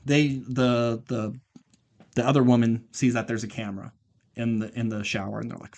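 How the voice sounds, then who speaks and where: A man's voice: mid-range voice, little pitch movement, normal speed, darkish tone. A man co-hosting a podcast, casually retelling a movie plot in a rambling way, swearing and acting out the characters' lines. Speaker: podcast co-host. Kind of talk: casual film recap chat.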